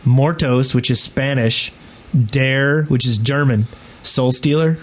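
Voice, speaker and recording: A man's voice: medium pitch, slow. A man co-hosting a casual gaming podcast, joking around and reading listener email aloud. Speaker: podcast co-host.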